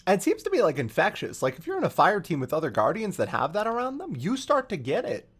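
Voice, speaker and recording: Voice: medium pitch, huge pitch swings, quick pace, breathy edge. A streamer giving a casual, rambling and profane story recap with lots of fillers.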